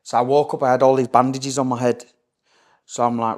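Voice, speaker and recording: A young Yorkshire man talks as a podcast guest, recounting his own story in plain, blunt words. He swears freely and keeps checking in with "do you know what I mean" and "mate." His voice sits at an everyday male pitch. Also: flat delivery, a little fast. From Leeds area, England. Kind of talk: candid personal storytelling.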